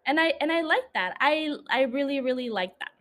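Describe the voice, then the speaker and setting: Young female podcast host, high-pitched, chatty, profane, quick to laugh. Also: lively intonation, fairly bright tone. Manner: chatty, swears freely, laughs often. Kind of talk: casual solo podcast chat.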